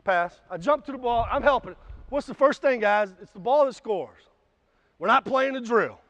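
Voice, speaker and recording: A man's voice: very high voice, expressive, normal speed, no echo. A man coaching a basketball clinic, blunt and a bit profane, explaining drills and barking short commands at players in a gym. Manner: barks short commands, shouts during drills. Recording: dull, slightly lo-fi sound.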